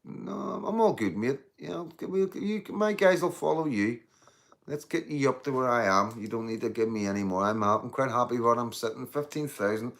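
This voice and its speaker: A man's voice: mid-range voice, moderate pace, gravelly, fairly bright tone. A man in his fifties with a Northern Irish accent, chatting casually on a live stream, rambling and earnest and swearing freely.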